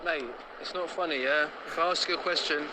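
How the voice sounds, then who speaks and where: A man's voice: on the high side, fairly even intonation, brisk, pitched above the performer's own voice, close to an everyday voice. A man playing a voice message from a cocky young man, brash and mocking. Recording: voice message with noisy street behind.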